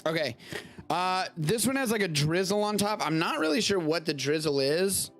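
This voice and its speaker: A man's voice: high voice, animated, normal speed, fairly bright tone, soft background music. Rambling man hosting a casual show. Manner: loose and rambling, swears casually. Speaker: show host. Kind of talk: casual chat, tasting food. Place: home studio during a live stream.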